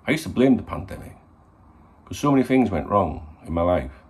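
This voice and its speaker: A middle-aged man who hosts a football channel rambles through a casual morning vlog to camera, chatty and sweary. His gravelly voice is low, with big swings in pitch, and he talks fairly quickly.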